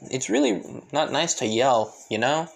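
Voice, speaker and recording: A man voicing a kind woman who gently scolds a boy in a fan-made story. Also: mid-range voice, big pitch swings, measured pace, vocal fry, rough recording. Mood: gentle.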